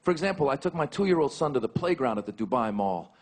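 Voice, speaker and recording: A man in his thirties doing a stand-up comedy set, animated, leaping up in pitch for punchlines. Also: quick pace. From United States. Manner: animated, jumps high for punchlines. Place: stage before a laughing audience. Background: audience laughter.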